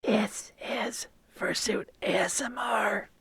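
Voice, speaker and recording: A man doing a whispered role-play parody of ASMR in a deliberately ugly, gravelly smoker's voice. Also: sits high, steady tone, a bit bright, no room sound, voice pushed up, exaggerated voice. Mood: mock ASMR.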